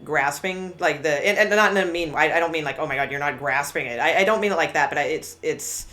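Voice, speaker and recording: Low-voiced woman reading tarot, blunt. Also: quick pace, sharp tone. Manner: candid, blunt, rambling with many restarts. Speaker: tarot reader.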